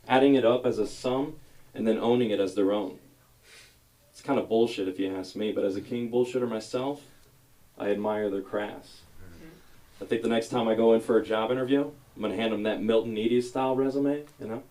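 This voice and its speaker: A man's voice: fairly low pitch, steady tone, fairly quick, mellow, rough recording. A man performing a stand-up comedy set on a club stage, telling self-mocking, rambling stories into a stage mic.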